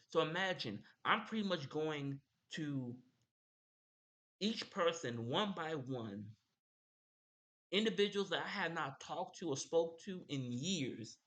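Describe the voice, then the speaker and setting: Young guy telling a story to his stream, bright sharp voice, kinda rambly and repeats stuff. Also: a little high. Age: young adult. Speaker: streamer host. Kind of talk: casual storytelling.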